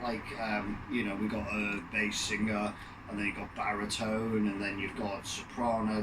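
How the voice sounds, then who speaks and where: A man's voice: on the low side, far from the mic, background noise. A man in casual chat, telling stories with eager enthusiasm. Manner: chatty, enthusiastic storyteller.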